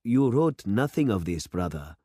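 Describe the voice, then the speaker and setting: A man's voice: on the low side, very animated, a little slow, mellow, breathy edge, dry recording, clean studio sound, full character voice. A man voicing a humble, earnest older country priest who asks polite questions, in a storybook reading.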